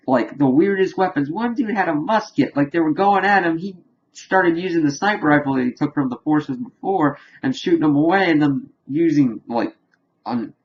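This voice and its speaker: A man giving a casual, rambling spoiler recap of a TV episode, animated and chuckling as he retells scenes. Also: medium pitch, lo-fi sound. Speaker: TV episode reviewer.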